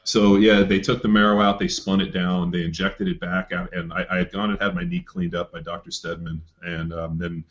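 A middle-aged man telling a story in casual chat, profane and animated. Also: sits low, brisk, few pauses. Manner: profane, animated, acts out quoted voices. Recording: slightly dull lo-fi audio.

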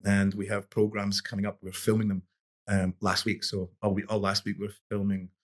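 A middle-aged man who coaches boxing tells relaxed, rambling stories as a podcast guest, restarting many times. His lowish voice is completely flat, and he talks at a normal speed.

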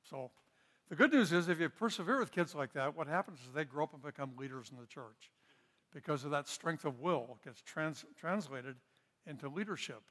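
A middle-aged pastor with a slightly higher-pitched male voice gives a parenting seminar, earnest and folksy, with stories woven in. His voice trails off into a long reverb, like a large church hall. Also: fairly bright tone. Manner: earnest, folksy storytelling with asides. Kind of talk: seminar teaching.

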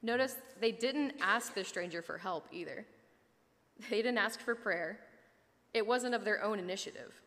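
A woman preaching a sermon, telling a story and voicing the fishermen with lively asides. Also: medium pitch, moderate pace, long reverb tail.

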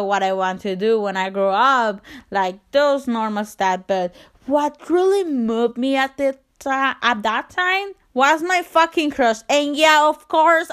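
Young woman podcaster with a non-native accent. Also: a little high. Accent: non-native English. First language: not English. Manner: chatty, self-conscious, laughs at herself, swears casually. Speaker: podcast host. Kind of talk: casual solo podcast, reading from a phone.

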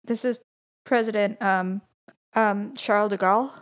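A woman's voice: mid-range voice, steady tone. A woman taking part in a casual trivia quiz, guessing answers and teasing the host. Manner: quick guesses, dry teasing. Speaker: quiz contestant.

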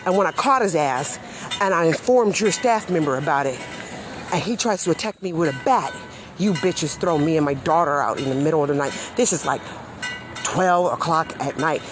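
Furious profane woman ranting, lively pitch. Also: normal speed, background noise. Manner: heated, profane, indignant. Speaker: mother venting about social services. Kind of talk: angry monologue rant.

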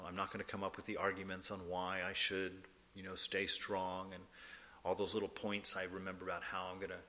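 Bright-voiced man giving a casual spiritual talk. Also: sits low. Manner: conversational, laughs often, acts out quoted voices. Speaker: spiritual teacher.

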